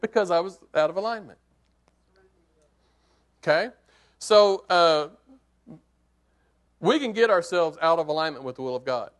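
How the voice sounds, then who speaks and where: A man preaching, telling a hunting story as a sermon illustration in an animated, conversational way that swings from hushed to excited. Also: on the high side, measured pace, pauses often.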